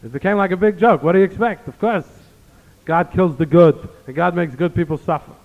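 Speaking fairly quickly in a high voice, a man gives an earnest talk as a rabbi, mixing stories with Hebrew phrases. The recording has a tinny, phone-like quality in a hall full of reverberation.

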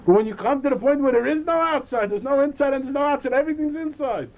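A man teaching a Chassidic lecture, animated, often repeating and restarting his phrases. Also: extremely high pitch, fast talker. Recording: dull lo-fi recording with faint noise.

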